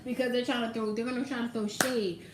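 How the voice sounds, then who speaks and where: A woman's voice: on the high side, flat delivery, quick pace, echoey room, noisy background. A woman doing a casual tarot reading, talking straight to the viewer with emphasis and casual swearing. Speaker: tarot reader.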